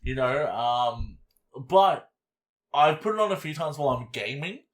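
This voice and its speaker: Casting: man, podcast co-host, loose and animated, swears freely, mid-pitched. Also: unhurried. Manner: rambling, animated, swears casually. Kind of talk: casual chat reviewing an album.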